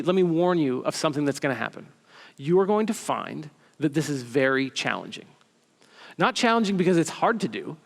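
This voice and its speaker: A man preaching a sermon as a pastor, talking in a casual, halting way with many restarts and fillers, recorded in a church. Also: fairly high pitch, in a large hall. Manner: conversational and halting, full of restarts and "like".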